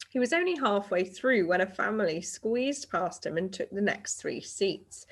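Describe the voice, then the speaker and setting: A woman reading a children's novel aloud, steady and expressive. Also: mid-range voice. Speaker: reader.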